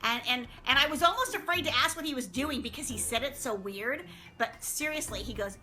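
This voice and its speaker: Bright, lively middle-aged woman storyteller. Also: on the high side, normal speed, faint music behind. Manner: lively, chatty, exclamatory, acts out voices. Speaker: vlog host telling a story. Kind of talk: animated storytelling to camera.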